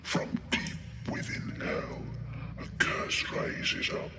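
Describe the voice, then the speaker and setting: A man voicing an ominous horror narrator in whispered role-play, slow and eerie. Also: very noisy.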